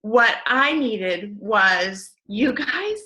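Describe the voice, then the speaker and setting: A middle-aged woman speaking as an interview guest, telling her business story with passionate, animated enthusiasm. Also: medium pitch, drawn-out words, low-quality recording. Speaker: network marketing distributor, guest. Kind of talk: enthusiastic motivational interview talk.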